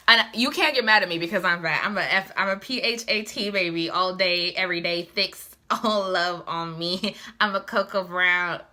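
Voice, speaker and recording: A young woman giving a casual, chatty book review, sassy and animated with lots of asides. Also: fairly low pitch.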